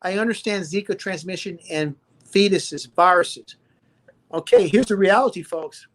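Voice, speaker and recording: A man's voice: high voice, moderate pace, fairly bright tone, a little hiss or hum. A man with a Southern US accent, a doctor speaking as a guest on a live-stream interview, emphatic and lecturing, repeating his points for stress.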